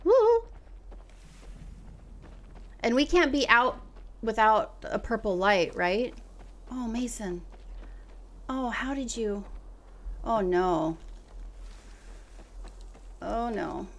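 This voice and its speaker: A woman streaming a co-op game, giving casual commentary in an excitable manner, often exclaiming and laughing. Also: on the high side, slow, long pauses. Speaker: gaming streamer.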